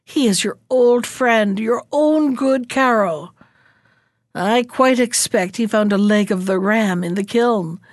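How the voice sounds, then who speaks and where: Slow, expressive woman reading a fairy tale. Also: dry recording, clean studio sound. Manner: expressive, rising high in tense moments. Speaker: storyteller.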